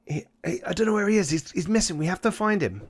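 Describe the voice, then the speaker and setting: A man voicing a panicked middle-aged father whose son has gone missing, pleading in a rushed, breathless way. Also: fairly high pitch, pitched above the performer's own voice, natural voice.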